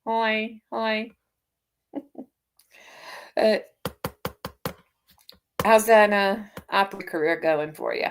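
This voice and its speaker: A woman hosting a casual livestream, her voice sitting at an ordinary middle pitch. She chats loosely and teases, breaking into laughter as she greets viewers. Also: drawn-out words, pauses often, a little hiss or hum. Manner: chatty, teasing, laughs often. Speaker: livestream host.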